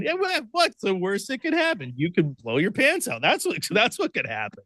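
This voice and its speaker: A man's voice: high voice, normal speed, dry recording. A man from Oregon, a radio producer and host, telling a story as a guest with lots of laughter and acted-out voices. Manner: excitable, laughs often, acts out voices in his stories. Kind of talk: animated storytelling.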